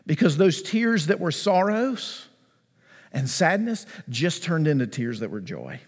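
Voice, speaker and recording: A man preaching a sermon in a high, light voice, his words ringing with long reverb through a large hall. He is emphatic, drops to a hush and then rises, and repeats key phrases for weight. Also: big pitch swings, a little slow, husky. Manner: emphatic, repeats key phrases, swings between hushed and rising delivery. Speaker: pastor.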